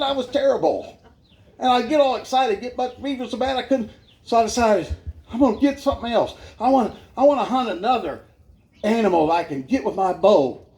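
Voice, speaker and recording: A man with a high voice tells his life story at a church revival. His way of talking is folksy and self-mocking, and laughter keeps slipping into his words. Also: a little mellow. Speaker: guest speaker giving his life testimony.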